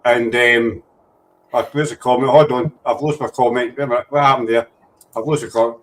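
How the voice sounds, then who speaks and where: A man's voice: mid-range voice, fairly even intonation, brisk, a bit bright, low-quality recording. Rambling chatty man. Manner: chatty, rambling, easily sidetracked. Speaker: host. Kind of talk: casual chat.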